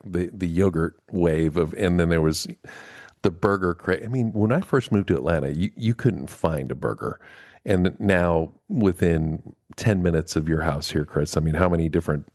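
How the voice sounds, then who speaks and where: A man's voice: sits low, moderate pace, a little mellow, no echo, studio quality. A man co-hosting a podcast interview, chatting in a loose, rambling way.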